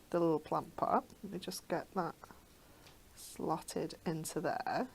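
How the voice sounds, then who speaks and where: Woman craft host, low-pitched and gravelly, chatty step-by-step demo. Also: slow, a little hiss or hum. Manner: chatty, step-by-step, giggly asides. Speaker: craft TV presenter. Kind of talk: live craft demonstration.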